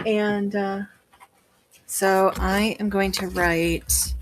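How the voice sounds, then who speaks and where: A woman's voice: mid-range voice, level tone, drawn-out words. A woman with a Wisconsin accent chatting casually on a livestream as a seller, rambling with many fillers. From Wisconsin, USA.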